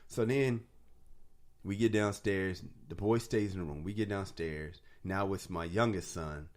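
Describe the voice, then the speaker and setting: A man's voice: deep voice, measured pace. A man in his forties, co-hosting a casual podcast chat, telling stories animatedly, acting out what people said and laughing often. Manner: animated storyteller, acts out quotes, laughs often. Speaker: podcast co-host.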